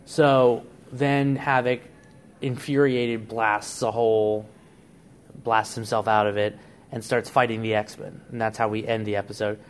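Casual man pitching a story. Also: little pitch movement, measured pace, slight background noise. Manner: rambling storyteller, frequent restarts and "like". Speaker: podcast co-host. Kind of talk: casual podcast chat.

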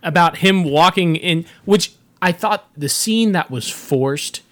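A young man talks through a casual movie chat, tripping over words and circling back to finish his thoughts. His voice is a touch high for a man. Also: a bit bright. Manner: halting, repeats words, stammering restarts. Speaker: podcast co-host.

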